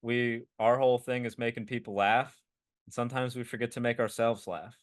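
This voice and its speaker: A male comedian co-hosting a podcast, bantering in a sarcastic, deadpan way. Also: mid-range voice, a little fast. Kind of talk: casual chat.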